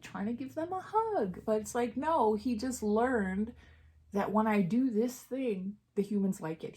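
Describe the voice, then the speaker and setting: Her tone is somewhat dark as this vlogger chats frankly through her makeup routine. She alternates between sudden rises in pitch and quiet, half-whispered asides.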